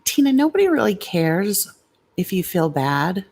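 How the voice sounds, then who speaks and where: A woman's voice: medium pitch, big pitch swings, unhurried, darkish tone. A middle-aged woman hosting a casual livestream, blunt and confrontational with commenters, swearing freely. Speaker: livestream host.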